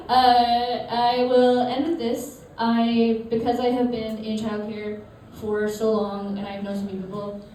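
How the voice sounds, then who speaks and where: A woman's voice: a little high, monotone, a little slow, hardly any pauses, dark tone, a little hiss or hum. Chatty woman in an echoey room. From suburban Massachusetts. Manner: casual, chatty, laughs between anecdotes. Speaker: storyteller. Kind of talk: live stage storytelling. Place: live show venue. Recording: echoey room, mic from far off.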